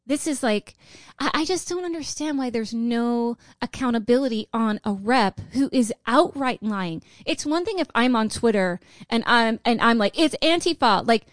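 A woman's voice: a little high, lively intonation, normal speed, no echo, studio quality. A woman co-hosting a casual podcast, indignant and exasperated, often restarting her sentences. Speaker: podcast co-host.

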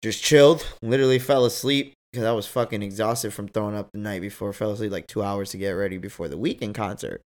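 A young man telling a story in casual, slangy podcast chat, animated and jumping high in pitch when he quotes others. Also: fast, hardly any pauses.

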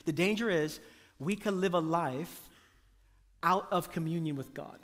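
A man preaching with an emphatic, repetitive cadence, stacking phrase on phrase and calling out to the people in front of him. His voice sits notably high for a man. A long reverb trails each line, as in a large church sanctuary. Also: unhurried, fairly bright tone. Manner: emphatic preaching with repeated phrases and call to the congregation. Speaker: pastor. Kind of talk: sermon.

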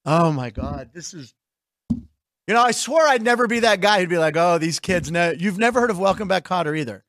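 Recorded close and dry with no room sound, this middle-aged Pittsburgh host has a notably high, expressive voice with a fairly bright tone. He tosses out jokes and quick asides while rambling through a casual comedic chat.

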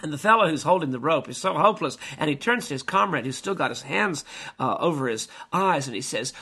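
Husky older man telling a childhood story. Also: a little high, animated, brisk, sharp tone. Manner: reminiscent, vivid, acts out scenes. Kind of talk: personal storytelling.

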